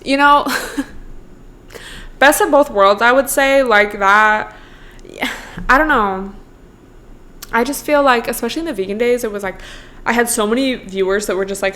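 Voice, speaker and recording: A woman's voice: mid-range voice, a bit bright. Chatty, cussing young woman podcaster. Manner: chatty, swears a lot, heavy use of "like"; laughs between points. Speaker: podcast host. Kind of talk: casual solo podcast chat.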